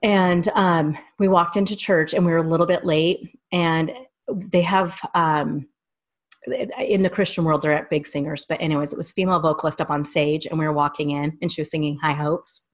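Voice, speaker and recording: A woman's voice: sits low, fairly even intonation, moderate pace. A woman in her thirties, a guest in a casual interview, telling long, rambling personal stories. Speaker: small business owner and guest.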